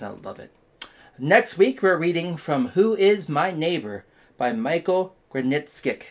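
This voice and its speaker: A man hosting his own channel, reading a children's picture book aloud slowly and then signing off. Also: mid-range voice, fairly bright tone. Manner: slow, deliberate reading.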